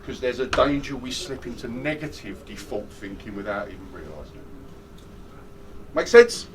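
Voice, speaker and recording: A man's voice: medium pitch, a little slow, far from the mic, noisy background. A man leading a stress management workshop, joking and chatty and putting questions to his audience. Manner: animated, jokey, chatty, asks the audience questions. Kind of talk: lively interactive workshop talk.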